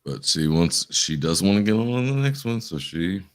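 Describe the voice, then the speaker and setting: Male podcast host with a deep voice and a loose, rambling, profane delivery. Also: animated, moderate pace, smooth. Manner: rambling storyteller, swears, laughs a lot. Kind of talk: casual chat.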